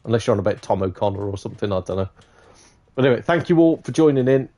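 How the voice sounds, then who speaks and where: Rambling man, mellow voice. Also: lowish voice, expressive, very fast. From Shropshire, England. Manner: rambling, chatty, swears freely. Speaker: livestream host. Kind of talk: casual live-stream chat.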